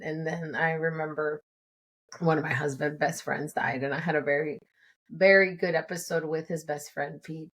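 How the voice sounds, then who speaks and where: A woman's voice: lowish voice, a bit bright. A woman in her forties with a non-native English accent, hosting her own podcast in a candid, chatty solo talk that is broken up by frequent laughs. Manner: candid and chatty, laughs often between thoughts. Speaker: podcast host. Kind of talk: casual solo podcast monologue.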